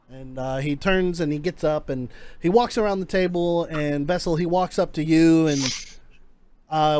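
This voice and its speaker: A man narrating a tabletop game as game master, with a rambling, halting delivery. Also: fairly high pitch, clean tone.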